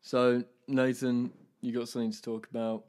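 A man's voice: mid-range voice, flat delivery, moderate pace, darkish tone, smooth. Dry-teasing man on a podcast. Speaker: podcast co-host. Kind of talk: casual chat.

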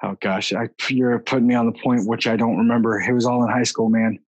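A laid-back man hosting a casual podcast chat. His middle-pitched voice has a husky edge, and he swears and laughs easily. He is recorded on a close, dry mic. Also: fairly even intonation, a little fast, no room sound, lo-fi sound. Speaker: podcast host.

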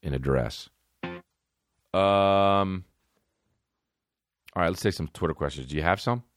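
A young adult man hosting a comedy podcast, telling stories in a profane, rambling, animated way and voicing the people he quotes. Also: low voice, a little slow, dry recording, studio quality, soft background music. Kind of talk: casual podcast storytelling.

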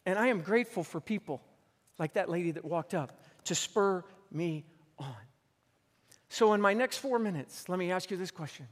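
A man's voice: sits high, animated, normal speed, big-room sound. A man preaching a sermon as pastor on a church stage, telling a story earnestly and repeating phrases for emphasis.

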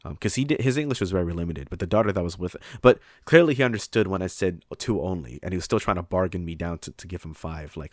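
Deep-voiced guy telling a story. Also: quick pace, hardly any pauses, no echo, clean studio sound. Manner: rambling, heavy on fillers and swearing, acts out voices. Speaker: retail worker telling a story. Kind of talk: casual profane storytelling.

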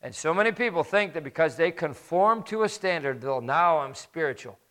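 Male pastor mid-sermon, earnest, a touch high in pitch, stumbles and repeats words. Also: animated, a little fast, a bit bright. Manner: builds to rising emphasis with rhetorical questions. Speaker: preacher.

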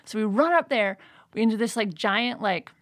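A woman's voice: fairly high pitch, lively intonation, moderate pace, a bit bright, dry recording, studio quality. A woman retelling a role-play adventure in casual chat, leaning hard on "like" and acting out the lines of the people in her story. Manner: chatty, filler-heavy with frequent "like", acts out quoted lines.

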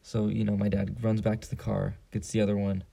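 A man's voice: on the low side, monotone, fairly quick, creaky, warm tone, slightly rough. A teenage boy hosting a casual solo podcast, telling a joking, profane story. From San Diego. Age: teens. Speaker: podcast host.

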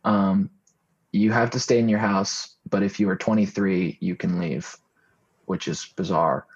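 A young man with a low, slightly husky voice, chatting casually on a podcast. He rambles through stories and slips into deadpan made-up tales. The recording sounds dull and lo-fi. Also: measured pace.

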